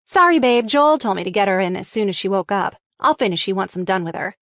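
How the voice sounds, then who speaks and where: A woman's voice: animated, fast talker, a bit bright, dry recording, clean studio sound. A woman voicing a flashy makeup artist in her late thirties, bubbly and eager, while reading a screenplay aloud. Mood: gushing. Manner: bubbly, eager, pitch jumping up.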